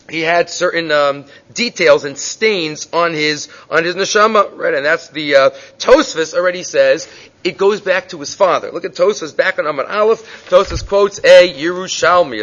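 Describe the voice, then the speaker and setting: A man teaching a Gemara class, telling the stories with animated voices for the people in them. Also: fairly high pitch. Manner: animated storytelling, acting out voices in quotes. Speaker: Talmud teacher. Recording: dull lo-fi recording.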